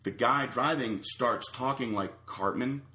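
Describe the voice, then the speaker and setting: A man's voice: medium pitch, a little slow, echoey room. A man telling a long rambling story in casual chat, full of fillers and restarts. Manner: rambling, animated anecdote with many fillers.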